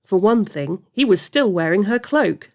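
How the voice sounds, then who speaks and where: A woman narrating an audiobook fantasy story in a steady, expressive voice. Her pitch sits in an ordinary middle range. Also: normal speed. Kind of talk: audiobook fiction reading.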